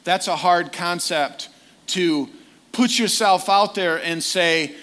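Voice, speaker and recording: A man's voice: high voice, measured pace, pushed and bright. A man preaching a sermon in a conversational way, often putting direct questions to his listeners.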